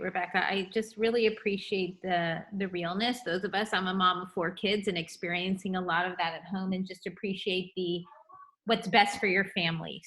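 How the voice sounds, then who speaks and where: A woman with a bright, clear, mid-range voice moderates a question session. She is friendly and appreciative as she passes along questions. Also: medium pitch. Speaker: early childhood director moderating Q&A.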